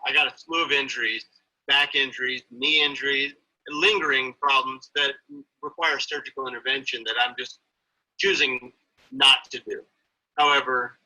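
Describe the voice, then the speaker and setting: A man with a husky, bright and forceful voice speaks earnestly in an interview. He sounds motivational, pressing his points about fatherhood and health. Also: medium pitch, poor audio. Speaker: guest, father. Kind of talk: interview conversation.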